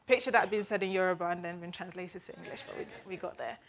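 A woman's voice: lowish voice, steady tone, quick pace. A woman giving a conversational Bible teaching in an earnest, chatty way, often checking in with "right?". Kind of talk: conversational devotional talk.

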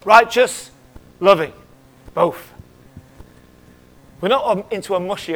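Preaching slowly and pausing often, a high-voiced, middle-aged pastor addresses his church in a conversational style, putting questions to the congregation. He shifts from soft whispers to loud, sharp outbursts over slight background noise.

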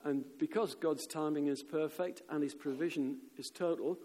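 Animated preacher, hall reverb. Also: male voice, on the high side, moderate pace. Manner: animated storyteller, shouts quoted crowds. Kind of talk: sermon with storytelling. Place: church. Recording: long reverb of a church hall.

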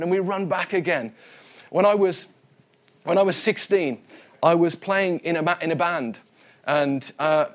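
A man's voice: a little high, measured pace, long pauses. A man from the West Midlands preaching a sermon, telling personal stories in a conversational way and often repeating his words. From West Midlands, England. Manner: conversational and anecdotal, with frequent repetitions.

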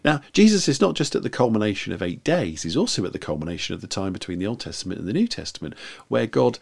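Lively, gravelly-voiced male preacher. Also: lowish voice, quick pace. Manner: conversational, animated delivery with frequent fillers. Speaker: guest preacher. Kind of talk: sermon. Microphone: video recording for online viewers.

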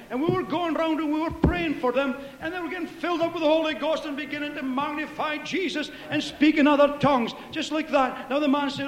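Fervent preacher man, very high voice. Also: normal speed, reverberant, big-room sound. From Scotland. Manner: fervent, storytelling, frequent shouted hallelujahs. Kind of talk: Pentecostal sermon.

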